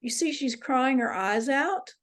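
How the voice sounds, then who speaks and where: A woman's voice: high voice, animated, a little slow, fairly bright tone, voice pushed up. A woman voicing a departed mother who patiently explains things to her daughter.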